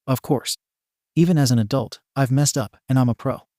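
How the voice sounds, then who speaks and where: A man voicing a kind, cheerful male hero teacher who speaks gently and reassuringly. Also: medium pitch, moderate pace, no echo, studio quality, natural voice. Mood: gentle.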